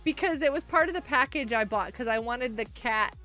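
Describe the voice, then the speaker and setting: A woman's voice: fairly high pitch, expressive, brisk, sharp tone, faint music behind. A woman streaming a game live, chatting casually, gushing thanks to viewers and giggling often.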